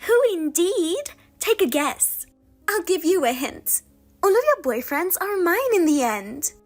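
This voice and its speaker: A woman's voice: very high-pitched, very animated, measured pace, soft background music, pitched above the performer's own voice, full character voice. A woman voicing a scheming younger sister who mocks and taunts in a sing-song way. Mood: teasing.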